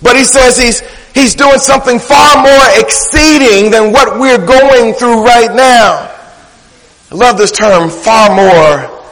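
A man's voice: extremely high pitch, slow, fairly bright tone, big-room sound, rough recording. A man preaching a sermon, with a rhythmic, playful preacherly delivery that repeats words for emphasis. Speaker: pastor. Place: church.

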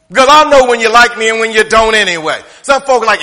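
High, bright-voiced preaching man. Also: animated, normal speed, few pauses, big-room sound. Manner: humorous, conversational preaching that swings from loud to hushed. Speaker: pastor. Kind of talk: sermon. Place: church sanctuary.

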